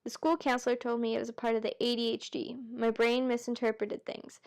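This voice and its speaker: Amateur reader, female: casual read-aloud, chatty asides, self-corrections, slightly high voice. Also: level tone, a little fast.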